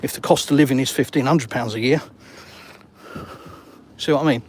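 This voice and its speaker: This is a middle-aged man with an English accent, talking casually at a mid pitch as he strolls outdoors by the sea. His manner is blunt and sarcastic, reading out comments and snapping back at them. A faint outdoor ambience sits under the voice. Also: normal speed, a little mellow, a little hiss or hum. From England. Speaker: vlogger answering live chat. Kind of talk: casual walk-and-talk live stream. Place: outdoors on a seafront.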